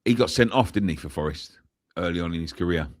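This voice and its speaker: A man's voice: deep voice, quick pace, no echo, studio quality. A man, co-hosting a fan channel and sharing theories in casual football debate. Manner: chatty, repeats himself, theorizing.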